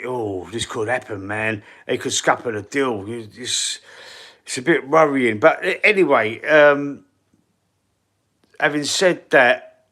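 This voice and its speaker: A man's voice: medium pitch, fairly bright tone. A man from East London with a Cockney accent, hosting a casual football live stream, rambling and chatty with many fillers and a runny nose. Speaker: football channel host.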